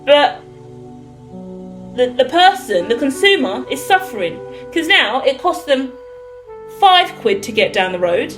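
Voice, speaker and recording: British woman, tarot reader, fairly high voice, blunt and sweary, soft music behind. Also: very animated, unhurried, pauses often, poor audio. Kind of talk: spoken tarot reading.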